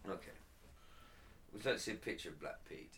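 A man's voice: fairly low pitch, animated, fast, a bit bright. A man co-hosting a casual podcast, reading notes aloud, laughing often and stumbling over foreign words. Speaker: podcast co-host.

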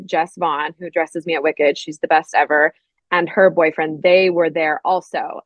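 A bubbly young woman speaks as a guest in casual chat. Her voice sits fairly low for a woman and is captured very dry and close, with no room sound. She is chatty and storytelling, with plenty of likes. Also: dry recording, poor audio. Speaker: guest, Broadway actress. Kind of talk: casual chat, telling an anecdote.

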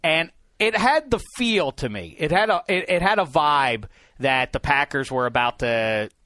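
Animated, jokey male podcast host. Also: a little high, unhurried, no echo. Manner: animated, jokey, rambling with restarts. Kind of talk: casual sports chat.

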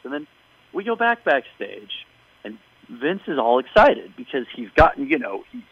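A man talks casually as a podcast host, recapping a string of events with wry, bemused asides. His voice is mid-pitched, and the recording sounds dull and a bit lo-fi. The room is dead and dry, with no echo. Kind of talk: casual chat.

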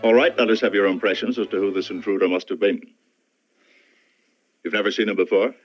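An actor plays a skeptical middle-aged police inspector who questions a witness in a brisk, doubtful manner. The voice sits fairly low. It comes through a dull old film soundtrack. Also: male voice, close to an everyday voice.

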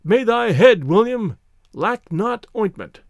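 A droll young man delivers dry jokes with mock solemnity, as a male storyteller puts him on. The voice rises high and lively, recorded close and dry. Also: takes it slowly, creaky, no echo, exaggerated voice. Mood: wry. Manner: wry, mock-pompous.

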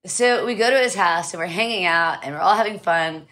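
A middle-aged woman telling a story in a casual chat, excitable and laughing often. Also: fairly low pitch, fairly quick. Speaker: podcast guest.

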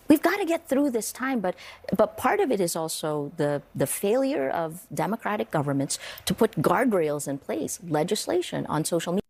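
A woman's voice: on the low side, very animated, moderate pace, vocal fry, a little mellow, husky. A woman journalist speaking on a panel, earnest and urgent, stressing single words. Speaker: journalist guest. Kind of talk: panel discussion.

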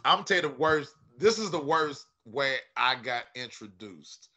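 A man, a stand-up comedian guesting on a podcast, telling profane, animated stories in casual chat. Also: medium pitch, measured pace, highs cut off. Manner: animated, profane, acts out quoted voices loudly.

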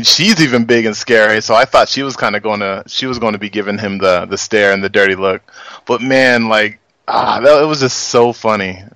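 A man's voice: fairly low pitch, a bit bright, no room sound. A man guesting on a casual movie review podcast, chatty and starting sentences with fillers.

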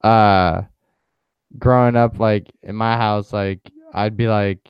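Smooth-voiced young man telling stories. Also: on the low side, fairly even intonation, slow pace, no echo, muffled recording. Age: young adult. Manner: laid-back storytelling with slang and swearing. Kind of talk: casual chat.

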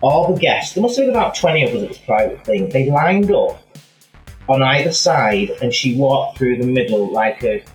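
A man's voice: mid-range voice, moderate pace, soft background music. Man, chatty guest, tells stories with lots of asides, roomy sound. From England. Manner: animated anecdotal storytelling with many asides. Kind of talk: casual chat.

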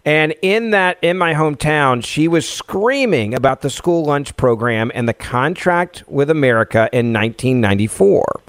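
A man in his forties from Tennessee, a radio host telling a personal story as an interview guest, lively and laughing easily. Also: fairly high pitch, normal speed, hardly any pauses, dry recording.

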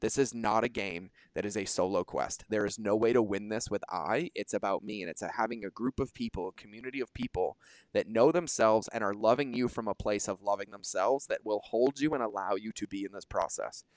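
A man's voice: lowish voice, a little fast, no room sound. Emphatic, swearing male podcast host. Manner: energetic, emphatic, swears casually. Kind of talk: casual podcast conversation.

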